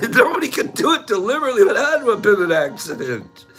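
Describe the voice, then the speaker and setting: A man's voice: high-pitched, very animated, quick pace, a bit bright, soft background music. A man hosting a casual livestream, talking loosely and breaking into giggles often. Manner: giggly, keeps breaking into laughter. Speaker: livestream host.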